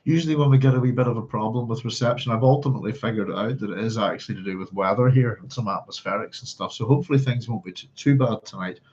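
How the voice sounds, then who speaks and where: A man hosts a book club livestream, talking fast with few pauses in a slightly mellow, mid-range voice. He chats and reads in a rambling, casual way, humming to himself, over slightly dull lo-fi stream audio.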